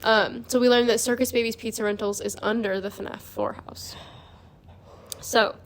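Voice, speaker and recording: A woman's voice: fairly high pitch, steady tone, moderate pace, slight background noise. A young woman hosting a podcast, explaining in a rambling, casual way full of "like". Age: young adult. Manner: rambling, peppered with 'like'. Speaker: podcast host. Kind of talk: casual chat.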